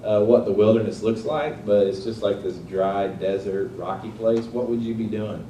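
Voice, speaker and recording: Conversational preacher, roomy and distant. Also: male voice, on the low side, moderate pace, mellow, a little hiss or hum. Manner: conversational, asks the audience questions. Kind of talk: sermon. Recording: echoey room, voice from a distance.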